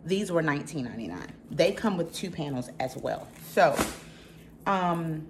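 A middle-aged woman with a Southern American accent and a notably low voice talks through a home haul vlog. She is chatty and emphatic and speaks straight to her viewers, with a faint ambient hum behind her. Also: lively intonation, moderate pace. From Southern United States. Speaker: channel host.

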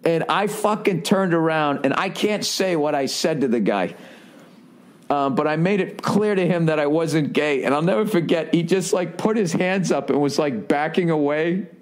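A man hosting a solo podcast, telling profane, animated stories in a comedic rant full of fillers. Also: fairly high pitch, normal speed. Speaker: podcast host.

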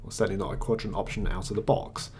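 At his desktop computer mic, a tech reviewer narrates a software screencast in a low-ish, flat delivery. He's conversational and matter-of-fact, pausing with slight hesitations at times, over a faint hiss or hum.

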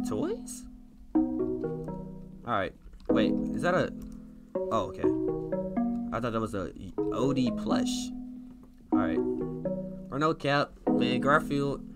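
A young man giving live commentary on a video game he is playing, with slangy reactions and sudden loud outbursts. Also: medium pitch. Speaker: gaming streamer. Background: loud game music with plucked guitar.

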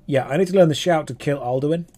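A man's voice: fairly high pitch, fast talker, a little mellow. A man with a British accent chatting casually while streaming a game, rambling through sarcastic banter.

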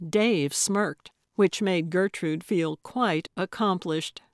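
Woman narrator, audiobook, slow even delivery, dry close sound. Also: fairly low pitch, clear, resonant tone, no room sound. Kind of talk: scripted narration.

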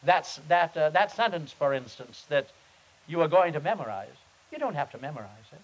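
Male pastor, seminar talk, earnest storytelling, halting, slightly high voice. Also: very animated, rough recording. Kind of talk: sermon-style teaching with storytelling. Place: seminar meeting.

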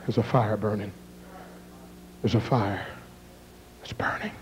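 A man in his thirties preaching a revival sermon and leading an altar call, swinging from hushed whispers to shouted appeals. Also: lowish voice, steady tone, unhurried, slight background noise. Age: 30s. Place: large church with balcony. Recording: long reverb of a large hall.

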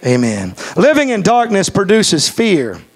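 A man with a notably high voice preaches a sermon from the pulpit. He drives his points home by repeating phrases. At times he slows into a careful, measured cadence. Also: wildly swooping pitch. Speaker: pastor.

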